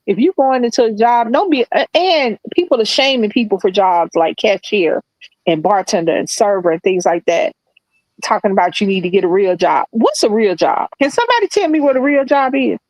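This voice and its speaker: A woman co-hosting a podcast, telling a story in a blunt, profane, animated casual chat. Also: mid-range voice, brisk, dry recording, low-quality recording. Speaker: podcast co-host.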